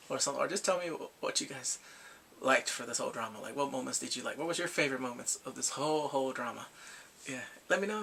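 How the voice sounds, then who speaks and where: A man casually recapping a drama's plot, animated and emotional, acting out the characters' lines. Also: medium pitch, gravelly, slight background noise. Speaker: drama reviewer.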